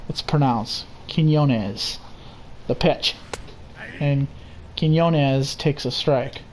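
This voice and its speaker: Slow-paced man calling baseball. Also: mid-range voice, slight background noise. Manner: steady, unhurried play-by-play with casual asides. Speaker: play-by-play commentator. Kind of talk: simulated baseball commentary.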